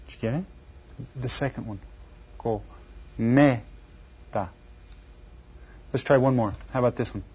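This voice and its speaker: A man teaching an elementary Spanish lesson to children, repeating each word slowly and quizzing the listener. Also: mid-range voice, steady tone, a little mellow, slight background noise. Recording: dull lo-fi recording.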